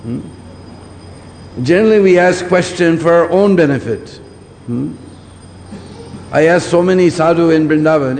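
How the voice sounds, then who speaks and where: A preacher with a slightly high, gravelly, somewhat mellow voice delivers a scriptural lecture at normal speed, pausing often. He repeats his points and keeps checking in with listeners by asking "hmm?". The recording carries long hall reverb and faint background noise.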